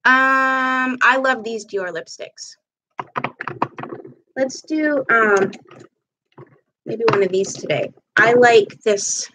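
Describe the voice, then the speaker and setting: Talking extremely slowly and pausing often, a woman with a slightly high, pushed, bright voice hosts a casual home makeup livestream. She chats in a meandering way as she applies makeup, and her camera mic picks up slight background noise.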